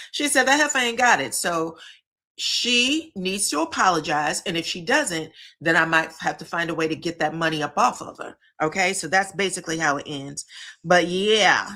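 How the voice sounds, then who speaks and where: Host, female, bright tone, chatty, blunt and slangy, talks to live chat. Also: fairly low pitch. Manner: candid, slangy, repeats herself for emphasis. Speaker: reality TV commentary host. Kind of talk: casual live-stream recap with chat.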